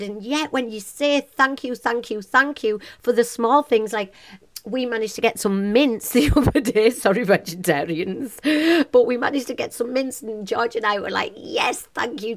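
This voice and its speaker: A woman in her forties hosts a cheerful motivational podcast. She talks with bubbly passion and breaks into laughter often. She sounds chatty and upbeat. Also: on the high side. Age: 40s. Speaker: podcast host.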